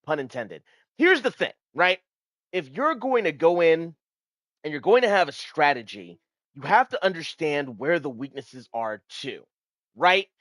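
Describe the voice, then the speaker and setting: A male streamer talks straight to his chat, hyped and swearing freely, his pitch leaping up and crashing down as he riffs. The sound is close and dry with no room around it. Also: measured pace, no room sound. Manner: animated, hyped and profane, talking to chat. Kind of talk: casual card-game commentary.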